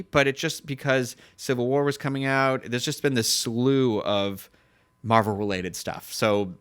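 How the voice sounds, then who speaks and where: This is a man co-hosting a laid-back entertainment news chat, with a smooth, resonant voice. He rambles and trips over his words, and his pitch leaps up when something excites him. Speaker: podcast co-host. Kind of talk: casual pop-culture news chat.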